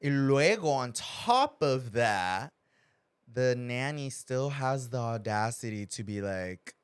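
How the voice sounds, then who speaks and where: A woman's voice: very deep voice, lively intonation, takes it slowly, clear, resonant tone. A woman co-hosting a podcast in casual chat, incredulous and laughing, mixing in Spanish. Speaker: podcast co-host.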